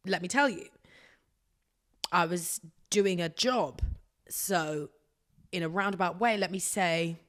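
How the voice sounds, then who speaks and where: A woman's voice: medium pitch, a bit bright. A woman hosting her own podcast, telling stories in a rambling, self-mocking way with sudden drops to a whisper. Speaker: podcast host. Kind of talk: casual solo podcast chat.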